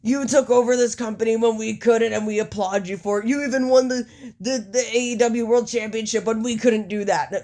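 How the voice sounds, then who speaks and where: A self-satisfied male wrestler offering a smug truce, as a woman mimics him. The voice is raised and theatrical in a promo style, with some lines louder than her own talk. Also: a little high, fairly even intonation, brisk, voice pushed up, lightly acted.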